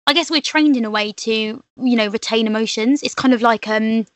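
High-pitched young woman from Britain, podcast guest, earnest and reflective, lots of ums, dry sound. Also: normal speed, no room sound. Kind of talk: casual chat.

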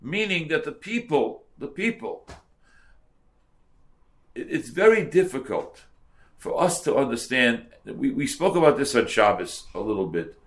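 A man's voice: medium pitch, very animated, measured pace. A man teaching a Torah class as a rabbi, translating verse by verse and repeating words for emphasis.

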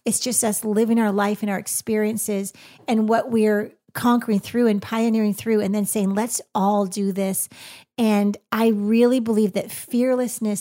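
A woman co-hosting a faith podcast, speaking in a warm, affirming and reflective way. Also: mid-range voice. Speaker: podcast co-host. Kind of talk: encouraging podcast chat.

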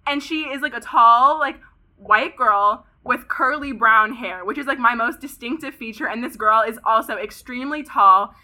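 A young woman of about twenty from Pasadena, California, a podcast guest telling a story in an animated, dramatic way, full of "like" and swearing. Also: fairly high pitch, moderate pace. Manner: dramatic, animated retelling, heavy use of "like" and swearing. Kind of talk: casual storytelling chat.

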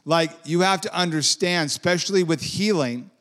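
A man's voice: fairly high pitch, moderate pace, a bit bright. A man preaching a sermon in a conversational way, with lilting, sing-song emphasis and casual asides.

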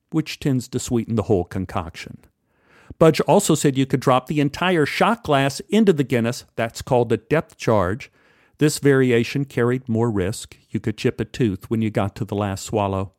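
A man narrates a personal story in a measured, wry way at an everyday pitch. His voice sits close to the mic with a dry sound and no room echo. The pacing is steady and conversational. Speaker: storyteller, podcast host.

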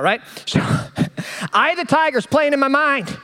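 A man's voice: extremely high pitch, sing-song, unhurried, pushed and bright. A man, preaching a sermon as a jokey, self-deprecating storyteller. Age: 30s. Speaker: pastor.

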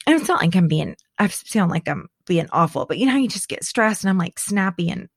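Middle-aged female co-host, chatty and animated, frequent laughs and restarts, dry recording. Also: on the low side, brisk, breathy edge, no room sound. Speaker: podcast co-host. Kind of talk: casual chat.

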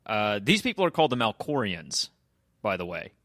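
A man's voice: lowish voice, big pitch swings, normal speed, fairly bright tone, no echo, studio quality. A man hosting a podcast, casually and ramblingly recapping a TV episode with a co-host. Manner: loose, rambling recap, often slips into quoting characters. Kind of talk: casual chat.

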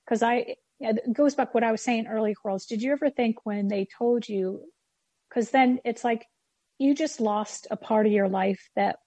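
A woman's voice: fairly high pitch, mellow, no room sound. A woman as an interview guest, talking in a reflective, casual way with short searching phrases.

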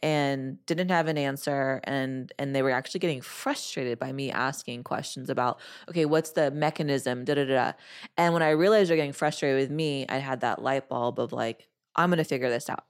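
Very low-voiced woman telling her story. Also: a little fast. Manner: lively storyteller who acts out her own past quotes. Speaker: podcast host. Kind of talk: casual interview, personal storytelling.

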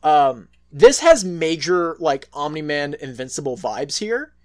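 A man hosting a casual comics podcast, eagerly retelling scenes and chatting with a guest. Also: on the high side. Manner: excitable, retells scenes with quick quoted voices. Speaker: podcast host. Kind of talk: casual chat about comics.

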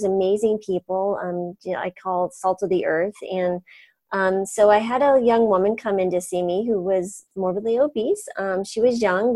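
A woman in her forties, a physician guest, telling a story in an animated, chatty way with many fillers and laughs. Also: mid-range voice, no echo. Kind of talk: conversational storytelling.

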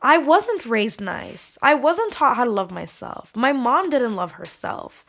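A woman's voice: a little high, very animated, unhurried, gravelly, fairly bright tone. A young adult woman, a musician guest on a podcast, talking candidly and emotionally, swearing freely and filling her speech with "like".

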